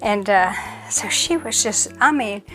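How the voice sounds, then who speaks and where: Middle-aged woman vlogger, casual storyteller, animated, mid-pitched, faint music behind. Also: unhurried. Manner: animated, acts out other people's voices in quotes. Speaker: vlogger and community theater actress.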